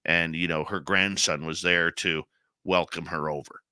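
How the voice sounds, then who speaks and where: A man with a very low yet strikingly bright, forceful voice hosts a radio show. He tells a personal story in an emotional, heartfelt way. The recording is dry and close. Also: steady tone, moderate pace, clean tone, dry recording. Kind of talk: conversational interview.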